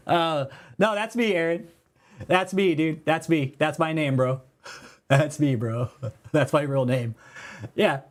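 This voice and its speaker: A man's voice: fairly high pitch, slow pace. A man hosting a casual livestream, talking in a profane, mocking way, laughing and calling people bro. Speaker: livestream host.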